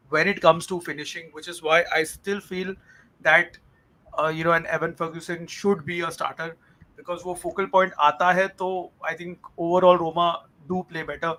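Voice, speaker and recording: A man's voice: a little high, sharp tone, rough recording. A man from India giving a football match preview, mixing English and Hindi with frequent fillers. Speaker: football pundit. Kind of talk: casual football chat.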